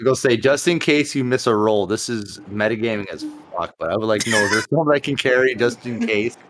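Profane, animated man playing a game. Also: on the low side, quick pace, a little hiss or hum. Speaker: player. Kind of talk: casual chat.

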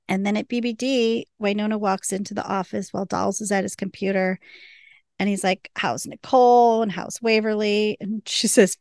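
Brief: woman co-host, vocal fry, dry close sound, chatty scene-by-scene recap. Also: mid-range voice, moderate pace, darkish tone, no room sound. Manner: retells scenes quoting characters, chatty. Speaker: podcast co-host. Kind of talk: casual episode recap.

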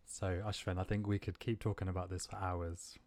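Flat, low-voiced male podcast host. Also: a little fast, very noisy. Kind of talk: casual podcast chat.

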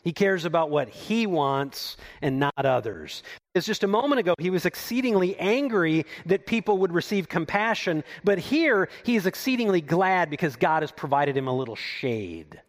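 A male pastor delivering a sermon, his fairly high voice swinging widely in pitch. He reads scripture aloud and then unpacks it, punching key lines loudly and dropping into hushed, low asides. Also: big pitch swings, normal speed.

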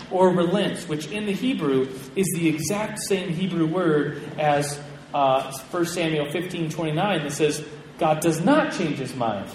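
In a large hall, a fairly high-voiced man teaches a Bible class in a casual, chatty style, telling stories animatedly and frequently restarting his thoughts. The recording has a long, echoing reverb and faint room noise.

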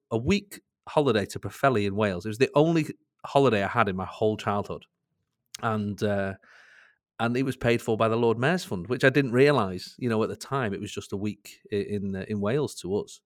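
A man's voice: fairly low pitch, animated, brisk, no echo, clean studio sound. A man with a Mancunian accent, a comedian guest chatting in an interview, self-mocking and laughing between lines. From Manchester, England. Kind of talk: casual interview chat.

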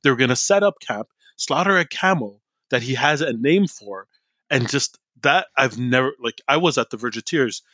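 A man's voice: medium pitch, moderate pace, dry recording. A man from an Iraqi family co-hosting a podcast, telling a story in casual chat and acting out the voices of the people in it. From Iraqi family, grew up abroad. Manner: animated, acts out voices in his story. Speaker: podcast co-host.

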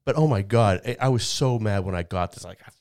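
A man's voice: lowish voice, fast talker, darkish tone, clear, resonant tone, dry recording, clean studio sound. A man in his fifties telling a personal story in casual chat, rambling with frequent restarts and laughing at himself. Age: 50s.

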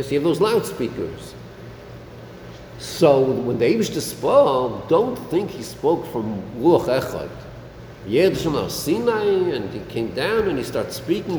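A man's voice: fairly high pitch, a little mellow. A man teaching a lesson in a study hall, asking his students questions and mixing in Yiddish and Hebrew terms. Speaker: Torah teacher. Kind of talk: Talmudic-style lesson with students. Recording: echoey room, faint air conditioning hum.

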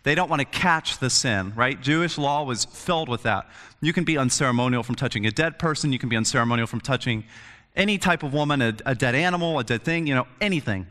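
A young adult man giving a conversational sermon, telling stories with lively voiced asides. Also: medium pitch, quick pace. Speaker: pastor. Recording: long hall reverb.

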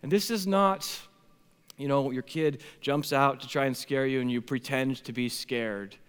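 Animated pastor in a reverberant hall. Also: male voice, mid-range voice, unhurried, clean tone. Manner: storytelling, animated swings from loud to hushed. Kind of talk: sermon.

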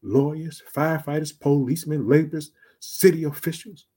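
A man preaching an online sermon with emphatic asides, swinging between loud and soft, drawing out key phrases slowly. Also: mid-range voice, husky. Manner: emphatic, repeats "guess what" and "check it out".

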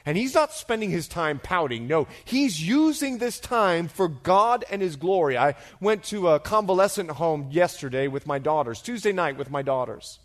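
A middle-aged male pastor preaching a sermon as an animated storyteller, dropping to a hush and then rising to loud, excited bursts. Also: on the high side, normal speed, few pauses. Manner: animated storyteller, swings from hushed to shouting.

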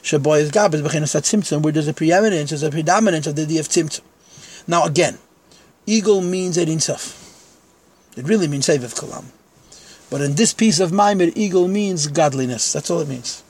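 A man's voice: fairly high pitch, a little fast, darkish tone, a little hiss or hum. A man teaching a text-study lecture in Yeshivish English, conversational, with frank self-deprecating asides.

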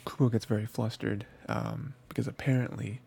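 A man's voice: on the low side, big pitch swings, moderate pace, dark tone, faint music behind. A man hosting an anime podcast, recapping episodes in a rambling casual chat with many fillers and restarts. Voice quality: gravelly, husky.

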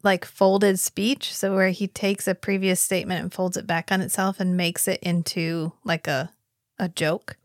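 A woman co-hosting a casual book-discussion podcast, animated and laughing as she retells scenes. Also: on the low side, moderate pace, dry recording, studio quality. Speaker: podcast co-host.

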